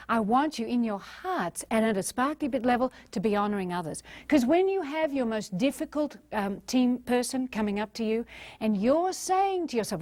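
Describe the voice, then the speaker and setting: A woman giving a motivational seminar talk, playful and animated, speaking straight to a live audience and leading them through exercises. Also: on the high side, dry recording. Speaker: communication and leadership trainer.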